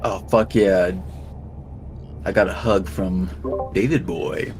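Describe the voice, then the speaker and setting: A man's voice: sits low, fairly even intonation, slow, darkish tone, a little hiss or hum. A man chatting and teasing his friends casually during a stream. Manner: joking, teasing banter. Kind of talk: casual chat.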